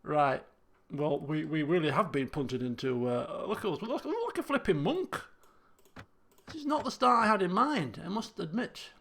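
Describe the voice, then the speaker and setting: A man's voice: a little high, animated, normal speed, gravelly, a bit bright. A man chatting casually and self-mockingly while streaming a video game. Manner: chatty, self-mocking, frequent restarts and laughs. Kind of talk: live game commentary. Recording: faint guitar music behind.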